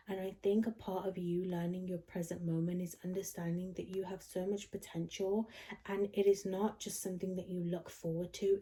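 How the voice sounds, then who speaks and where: A young woman reads tarot cards for her viewers in an earnest, encouraging way, often checking in as she goes. Her voice is very mellow and warm, sitting a little low for a woman. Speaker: tarot reader. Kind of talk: pick-a-card tarot reading.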